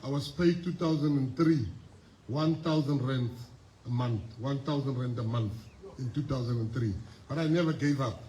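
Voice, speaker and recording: A South African man in his fifties giving a motivational speech at a school, telling his story emphatically, with repeated phrases and pauses. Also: mid-range voice, warm tone, a little hiss or hum. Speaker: guest speaker at a school. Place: school assembly hall. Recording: echoey hall with faint ambience.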